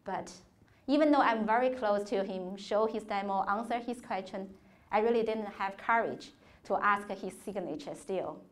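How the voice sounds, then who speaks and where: A woman's voice: mid-range voice, normal speed. A woman giving a workshop talk to students, telling career stories in earnest, non-native phrasing with a few restarts. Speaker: conference speaker. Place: lecture hall.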